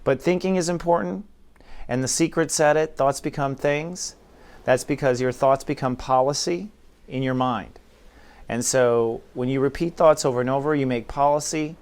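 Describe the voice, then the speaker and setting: A man's voice: mid-range voice, normal speed, darkish tone, clear, resonant tone. A man acting as spiritual teacher, talking casually and acting out inner dialogues in quoted voices. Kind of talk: casual spiritual talk to camera.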